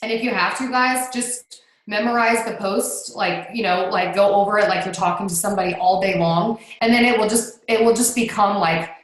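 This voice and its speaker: A woman giving an energetic motivational talk as a guest on a video call, who laughs often and gets hyped. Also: medium pitch, normal speed, very echoey, rough recording. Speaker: guest speaker.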